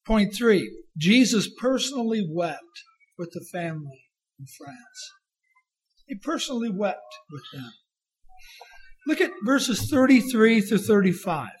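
A man preaching a sermon in a fairly high voice, taking his time over each phrase. He swings between loud, emphatic declarations and hushed, quiet lines. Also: sing-song, a little slow, husky, rough recording.

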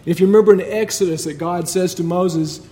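A man's voice: sits high, fairly even intonation, a little fast, mellow. A man preaching a sermon in a conversational but emphatic way, building points through repetition.

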